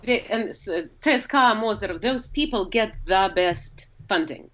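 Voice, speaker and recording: A woman's voice: medium pitch, expressive, moderate pace, fairly bright tone, muffled recording. A woman with a Russian accent and Russian as her first language, talking as a guest in a casual conversation. She explains at length, with frequent fillers and self-corrections. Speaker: guest, opera singer.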